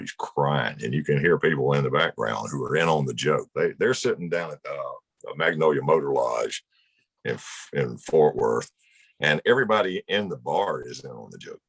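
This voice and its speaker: A man's voice: rumbling low, normal speed, breathy edge. A man from Mississippi, telling a rambling, folksy road story in a casual chat. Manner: folksy, rambling anecdote with laughs. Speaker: guest musician.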